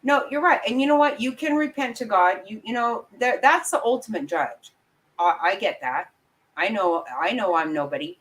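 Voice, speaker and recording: A woman's voice: medium pitch, animated, normal speed, a bit bright, poor audio. A woman giving angry, blunt, profane commentary as a vlogger, talking straight to her viewers. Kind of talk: opinionated live commentary.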